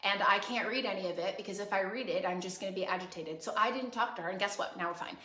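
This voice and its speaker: A woman's voice: mid-range voice, quick pace, bright, forceful tone, reverberant. A woman who runs a small business, chatting candidly and venting on a live stream. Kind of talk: casual live-stream chat.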